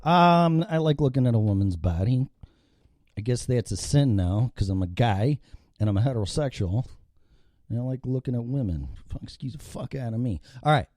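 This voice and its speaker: A man's voice: mid-range voice, animated, moderate pace, darkish tone, no echo. A man hosting a live opinionated talk show from an indoor studio, rambling and swearing freely. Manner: profane, rambling and ranting.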